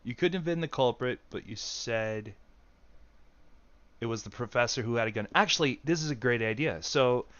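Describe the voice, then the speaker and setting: A man's voice: medium pitch, normal speed, a bit bright, no echo, muffled recording. A man streaming a game in casual, jokey, self-mocking commentary.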